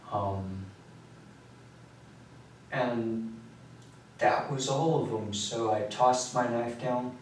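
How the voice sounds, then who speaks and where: Flat-voiced man confessing in echoey room. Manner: flat, matter-of-fact recounting, voice often trailing low. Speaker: suspect confessing. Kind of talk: police interrogation confession. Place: police interview room. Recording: echoey room, mic far off, faint noise.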